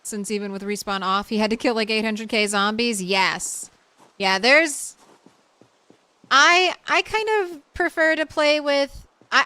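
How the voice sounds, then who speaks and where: A young woman streamer chats with her viewers in a bright, forceful voice. She sounds smooth and crisp, and a little tired late at night. She often stops and restarts her sentences. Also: mid-range voice, no room sound. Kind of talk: casual live-stream chat with viewers.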